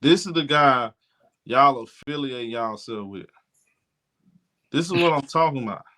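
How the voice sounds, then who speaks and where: A man's voice: mid-range voice, measured pace, sharp tone. A man hosting a sports talk show, giving blunt, indignant commentary and often repeating himself.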